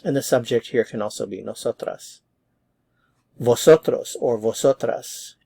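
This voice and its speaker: Gravelly-voiced man teaching grammar patiently. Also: medium pitch, dark tone. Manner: patient and methodical, repeats words slowly for practice. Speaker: Spanish teacher. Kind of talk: explanatory grammar lesson.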